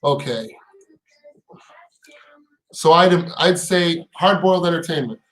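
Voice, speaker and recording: A man's voice: on the high side, expressive, takes it slowly, a bit bright, roomy sound, low-quality recording. A man hosting a casual live stream, talking in heated, profane bursts with repeated words and rising rhetorical questions.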